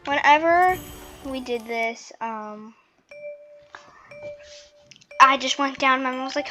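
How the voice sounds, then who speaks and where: A woman's voice: high voice, a little slow, bright, forceful tone, soft background music. A woman hosting a gaming channel, telling a childhood story in a rambling, chatty way with lots of "like" and restarts while she plays. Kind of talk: casual storytelling while playing a game.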